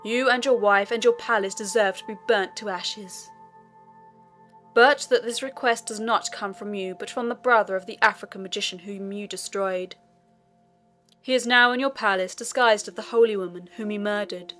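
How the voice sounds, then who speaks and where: A woman voicing an outraged male genie of the lamp in a storybook reading, scolding loudly. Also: medium pitch, steady tone, normal speed, soft background music, natural voice. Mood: furious.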